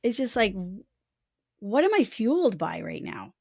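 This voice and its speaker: A woman's voice: mid-range voice, big pitch swings, unhurried, vocal fry, a little mellow, no room sound, clean studio sound. A woman co-hosting a podcast in casual conversation, speaking frankly and acting out quoted thoughts with expression. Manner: frank, candid speech. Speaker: podcast co-host.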